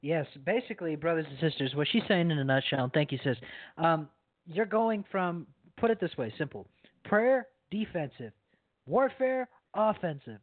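A man's voice: a little high, animated, normal speed, no echo. A male show host with an enthusiastic, preacher-like way of addressing his listeners, heard over a phone-like line. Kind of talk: preacher-style show hosting. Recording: tinny phone-like line, dry.

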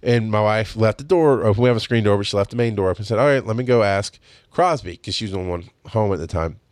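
A man's voice: fairly low pitch, fast talker. Middle-aged guy podcasting, blunt and swears a lot, dry sound, no room echo. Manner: blunt, profane, animated. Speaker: podcast host. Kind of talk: casual monologue.

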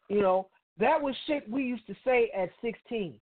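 A man's voice: high voice, lively intonation, fairly quick. Blunt profane man on a tinny line. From Chicago, United States. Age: middle-aged. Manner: blunt, profane, street slang. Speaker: radio show host. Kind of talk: opinionated monologue.

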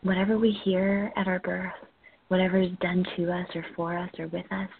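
A woman's voice: lowish voice, level tone, brisk, gravelly, husky. A woman doula speaking as a podcast guest, earnest and emphatic, sometimes dropping into a near whisper. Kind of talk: casual interview chat. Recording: tinny call audio with faint noise.

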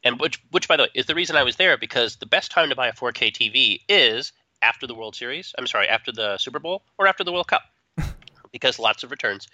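A man co-hosting a tech podcast, chatting in an animated, joking way with quick asides. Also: medium pitch, dry recording. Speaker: podcast co-host. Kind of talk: casual opinionated chat. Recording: dull dry close-mic sound.

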